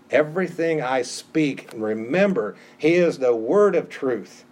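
A man preaches a sermon with a slightly raised pitch. He stresses his points by repeating key phrases. Now and then he drops into casual asides to his listeners. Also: lively intonation, moderate pace. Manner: conversational asides. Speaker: pastor.

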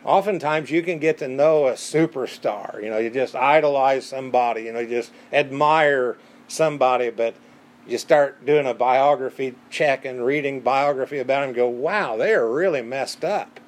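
A man's voice: medium pitch, steady tone, moderate pace. A man preaching a sermon in an emphatic, conversational way, repeating words for stress.

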